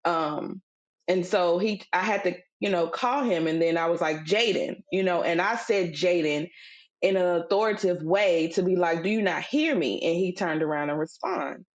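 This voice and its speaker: A middle-aged woman with a lower-pitched voice, chatting casually as a podcast co-host. She tells a story conversationally, full of fillers, and slips into an emphatic, sermon-like delivery when she makes her point. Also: moderate pace, lo-fi sound. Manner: conversational, acts out quoted voices, turns preachy and emphatic. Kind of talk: casual faith-based storytelling chat.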